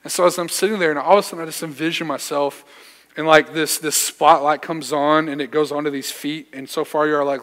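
Young man, youth pastor, casual slangy sermon storytelling, slightly high voice, church hall reverb. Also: fairly even intonation, fairly quick, fairly bright tone. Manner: casual storytelling, slangy, self-deprecating humor. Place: church sanctuary.

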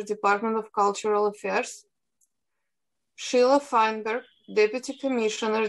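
A woman with a Russian accent moderating a council hearing over a video call, reading formal procedural instructions in a measured way. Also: mid-range voice, rough recording. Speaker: hearing moderator, policy analyst.

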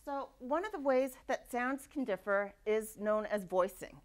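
Woman teaching a class, a bit high voiced, acts out sounds as she goes. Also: a little slow. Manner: lively, demonstrates sounds aloud. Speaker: university lecturer. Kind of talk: classroom lecture. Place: lecture hall.

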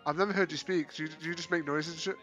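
High, bright, man, rapid joking chatter, virtual reality streamer. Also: steady tone, muffled recording, faint music behind. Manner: loud joking, swearing, teasing. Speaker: VR game streamer. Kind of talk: casual gaming banter.

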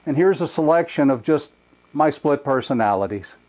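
Older guy doing a dry jokey video message, kinda high voice. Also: lively intonation, moderate pace, darkish tone. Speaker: comedian.

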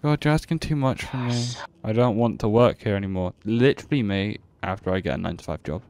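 A man's voice: lowish voice, fast. A young man giving casual, joking commentary while streaming a horror game. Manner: joking, playful, excitable.

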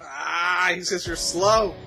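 A man hosting a casual anime reaction, excitable, swearing and yelling at the screen. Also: high voice, slow, creaky, music in the background.

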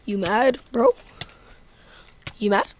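A woman giving gameplay commentary, taunting her opponent and getting excited. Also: mid-range voice, slow. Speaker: gamer.

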